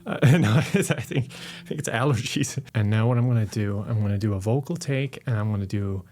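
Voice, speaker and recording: A man's voice: lowish voice, brisk, music in the background. Self-mocking young man vlogging casually. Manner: self-mocking, rambling, laughs often. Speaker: YouTuber. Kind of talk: casual vlog talk to camera. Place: at home, indoors and outdoors. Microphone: phone camera.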